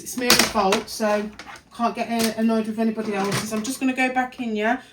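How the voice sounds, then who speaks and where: A woman's voice: on the high side, fairly bright tone, a little hiss or hum, rough recording. A tired woman, chatting and muttering to herself while working in her craft studio. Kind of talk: casual crafting vlog narration.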